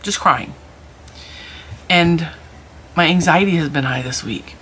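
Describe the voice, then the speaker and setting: A woman's voice: low-pitched, takes it slowly, a bit bright, slightly rough. A middle-aged woman hosting a crafting channel, chatting candidly at home and rambling through a personal story. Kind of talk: casual vlog chat.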